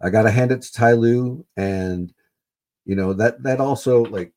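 A man's voice: mid-range voice, measured pace, a little mellow. A man hosting a solo podcast, rambling and swearing, repeating himself with lots of fillers. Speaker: podcast host. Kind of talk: casual solo sports podcast rant.

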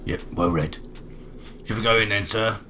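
A man's voice: lowish voice, normal speed, sharp tone, faint music behind. A man playing a tabletop role-playing game, joking and theatrical. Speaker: player.

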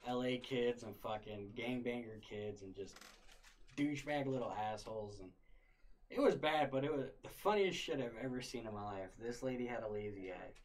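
A young man, a podcast guest, telling stories in a relaxed, profane, casual way, often laughing. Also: mid-range voice, normal speed. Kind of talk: casual storytelling chat.

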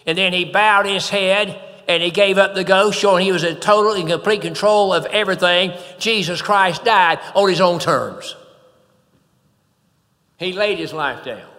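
High, bright-voiced man preaching. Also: in a large hall. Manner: emphatic preaching, swelling and dropping in volume. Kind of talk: sermon.

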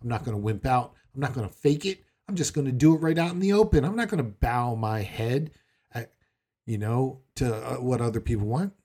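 A man's voice: medium pitch, lively intonation, a little fast, dark tone, slightly rough. A man preaching a sermon in a conversational way, acting out the people he quotes. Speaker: pastor.

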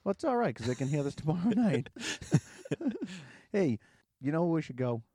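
A middle-aged man hosting a casual podcast. He tells stories in an animated way and is quick to laugh. His voice is mellow and warm, recorded dry and close to the mic. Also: on the high side, dry recording. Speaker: podcast host.

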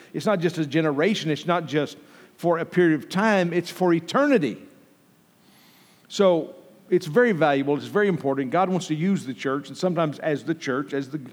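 A man preaching an informal sermon, conversational, with frequent restarts and asides to the congregation. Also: a little high. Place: church sanctuary. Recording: long reverb from a church hall.

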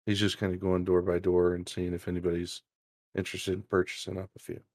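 A man's voice: low voice, monotone, fast talker, darkish tone, no echo, studio quality. A man running a tabletop game as game master, casually explaining and describing scenes.

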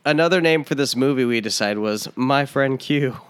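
A man co-hosting a podcast, tossing out movie trivia in easy, casual chat. His voice is smooth and clean, at a middling pitch, and he laughs readily. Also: moderate pace. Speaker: podcast co-host.

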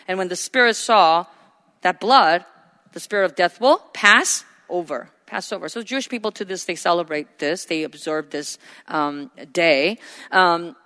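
Bright-voiced woman preaching in a reverberant hall. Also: mid-range voice. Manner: conversational, acts out quoted lines with laughs. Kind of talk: sermon.

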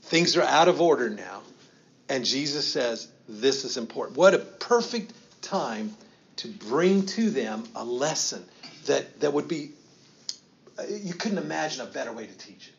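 A man preaching a sermon, telling the story in an animated way with slow, emphatic phrases and quiet asides. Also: medium pitch, creaky, dull audio, slight background noise. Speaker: pastor.

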